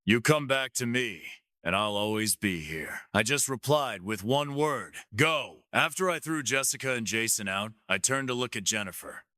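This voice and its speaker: A man narrating a romance story in the first person with steady storytelling. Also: mid-range voice, normal speed, no echo, clean studio sound.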